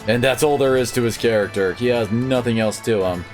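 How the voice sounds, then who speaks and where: A man's voice: mid-range voice, a little fast, darkish tone. A man chatting casually while playing a game, rambling and filling his talk with "like". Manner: rambling, lots of 'like'. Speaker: let's play streamer. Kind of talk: casual gameplay commentary. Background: faint game music.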